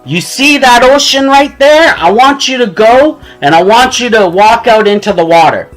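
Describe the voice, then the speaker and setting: A man playing a calm, wealthy mentor. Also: very high-pitched, moderate pace, faint music behind, rough recording. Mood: instructive.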